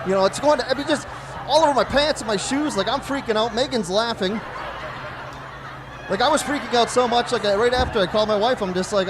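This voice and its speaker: A man's voice: very high voice, fast talker, noisy background. A man in his forties doing stand-up, telling self-deprecating stories about his daughters and acting out their dialogue. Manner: storytelling with self-deprecating jokes, acts out family dialogue. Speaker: stand-up comedian. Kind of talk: stand-up comedy.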